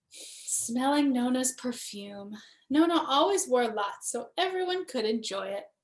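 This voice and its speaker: A woman, a cantor, gently and expressively reading a children's bedtime story aloud. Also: on the high side.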